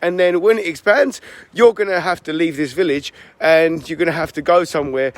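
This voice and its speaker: A man voicing an eager, pushy male business executive in a told story, talking in a fast, persuasive pitch. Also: dry recording, natural voice.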